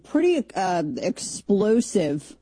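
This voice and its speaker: A woman's voice: medium pitch, sing-song, slow, warm tone, breathy edge, dry recording. A middle-aged woman hosting a talk radio show, opinionated and sarcastic, often mocking others in put-on voices.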